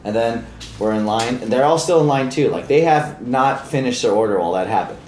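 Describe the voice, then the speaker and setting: A man tells a story on a casual podcast, swearing freely and acting out the people in it. His voice sits at a middle pitch. It is recorded in a roomy space with a faint hiss behind it. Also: animated, a little fast, darkish tone. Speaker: podcast co-host.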